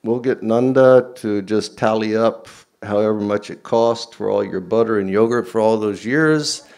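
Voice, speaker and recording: A man doing a rambling, high-pitched old queen. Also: moderate pace, a little mellow, lightly acted. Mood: chattering. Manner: rambling, with many fillers. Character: elderly confused queen, doting and generous.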